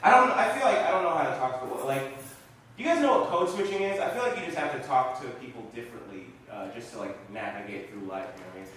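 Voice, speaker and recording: A young man doing a stand-up set in a small comedy theater, animated and loud when he acts out lines to the crowd. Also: medium pitch, fast, very echoey, distant mic, slight background noise, poor audio.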